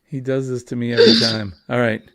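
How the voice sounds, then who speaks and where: A man's voice: medium pitch, little pitch movement, fairly quick, a bit bright, no echo, clean studio sound. A middle-aged man hosting a casual morning chat show, rambling and jokey. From New England. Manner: rambling, jokey, easily amused. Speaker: host.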